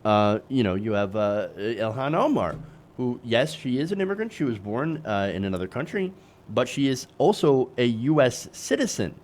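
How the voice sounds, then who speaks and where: A man's voice: mid-range voice, very animated, normal speed, darkish tone. A man hosting a political commentary show, sarcastic and self-correcting, with many fillers.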